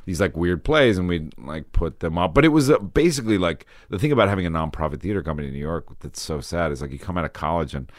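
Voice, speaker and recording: A man with a very deep voice that still swings widely in pitch as he talks. He rambles through a casual interview, self-deprecating and full of fillers. The sound is dry and close, with no room around it. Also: lively intonation, fast, few pauses, dry recording. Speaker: guest.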